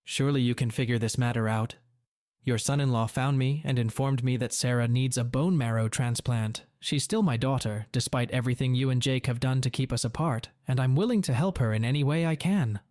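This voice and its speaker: A man's voice: mid-range voice, fairly quick, darkish tone, dry recording, clean studio sound, lightly acted. A man voicing a blunt, confrontational middle-aged father in a story reading. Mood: angry.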